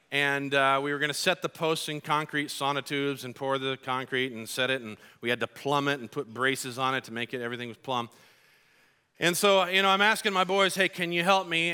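A middle-aged male pastor delivers a sermon in a bright, forward voice that sits a little high for a man. He preaches earnestly and with animation, and he acts out his own exasperated outbursts when he tells a personal story. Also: smooth. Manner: earnest and animated, acting out his own frustrated shouting in stories.

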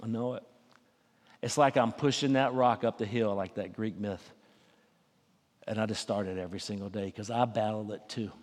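Folksy pastor in a reverberant sanctuary. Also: male voice, on the low side, fairly even intonation, moderate pace, long pauses. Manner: folksy, conversational preaching. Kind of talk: sermon. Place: church sanctuary.

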